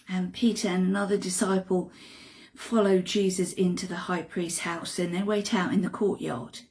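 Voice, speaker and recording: A woman retelling a Bible story in an expressive way, dropping to hushed asides. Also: fairly low pitch, creaky.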